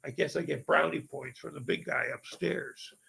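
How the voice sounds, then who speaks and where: Gravelly, profane man telling a ghost story. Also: a little high, fairly even intonation, normal speed, sharp tone. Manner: rambling, profane, heavy fillers like "right?" and "okay?". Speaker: paranormal storyteller. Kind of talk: casual storytelling.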